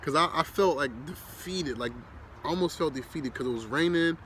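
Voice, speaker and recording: A young man vlogging with his wife, casually retelling a rough camping night in a relaxed, slangy way. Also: a little high, moderate pace, slight background noise. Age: young adult. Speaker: vlogger, husband. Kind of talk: casual storytelling chat.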